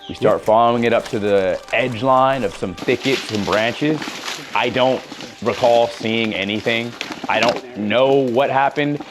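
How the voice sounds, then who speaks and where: A man in a mid-pitched voice tells his own adventure story as a voice-over, animated and vivid in his retelling. Faint music plays softly underneath. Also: unhurried. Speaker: wildlife adventurer.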